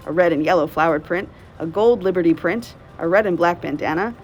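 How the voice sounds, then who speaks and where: A woman librarian reading a novel aloud in steady, clear narration. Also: on the low side, normal speed, a little hiss or hum, poor audio.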